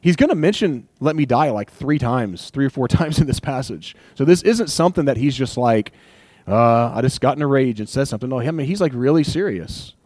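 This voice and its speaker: A young man preaching a sermon in a casual, conversational way, animated and joking, slipping into little acted asides. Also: mid-range voice, fairly quick, no room sound. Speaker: pastor.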